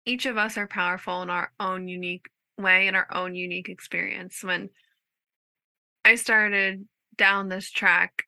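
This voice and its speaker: Gravelly, bright-toned woman host. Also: mid-range voice, flat delivery, unhurried, no room sound. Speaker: podcast host. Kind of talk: casual podcast chat.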